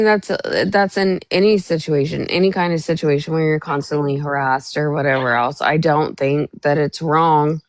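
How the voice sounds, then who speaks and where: A woman with a low voice co-hosts a casual live stream, frank and profane, often stopping to restart her sentences. She talks slowly, and her voice sounds dry and close. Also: dry recording. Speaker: co-host.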